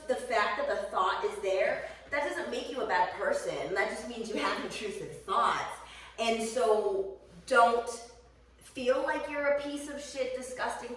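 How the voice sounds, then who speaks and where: A woman's voice: medium pitch, fairly bright tone. A woman vlogging casually while stretching, talking candidly and rambling, swearing freely. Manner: rambling, candid and profane, with laughs. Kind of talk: casual chat to camera. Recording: echoey room, voice from far off the mic.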